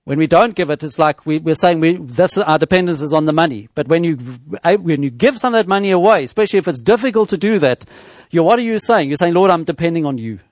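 A man preaching a sermon in a measured teaching tone, with rhetorical questions and frequent restarts. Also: on the high side, animated, a little mellow, no echo.

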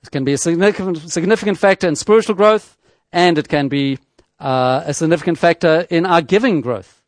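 A man preaching a sermon in a measured teaching tone, with rhetorical questions and frequent restarts. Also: fairly high pitch, no echo.

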